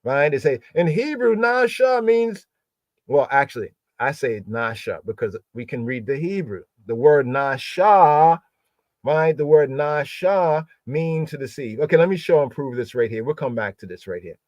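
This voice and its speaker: A man hosting a livestreamed bible word study, repeating key words slowly and often checking in with "right?". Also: mid-range voice, animated, no room sound.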